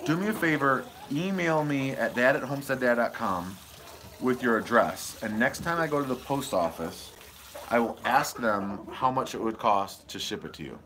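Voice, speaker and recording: A homesteading channel host from Michigan runs a casual live stream outdoors on his homestead, goofily rambling as he reads viewer comments aloud and answers them. His mid-range voice is animated and a bit bright at a moderate pace, picked up on a wireless lapel mic with slight background noise.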